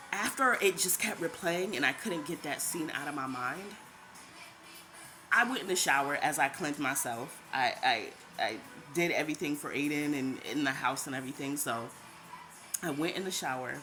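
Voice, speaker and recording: A woman's voice: deep voice, low-quality recording. A woman telling her faith testimony as a casual, chatty personal story. She repeats herself often and laughs now and then. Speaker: vlogger sharing a faith testimony. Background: background music.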